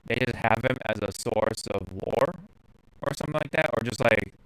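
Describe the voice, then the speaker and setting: A man's voice: mid-range voice, normal speed, a bit bright, no room sound, poor audio. A man hosting a podcast in casual chat, rambling with lots of fillers and restarts. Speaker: podcast host.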